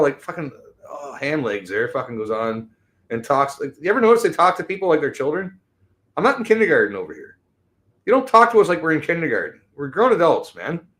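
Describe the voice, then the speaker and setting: Angry man in his fifties, ranting. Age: 50s. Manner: angry, profane, swinging between shouted bursts and low mutters. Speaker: show host. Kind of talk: profane political rant.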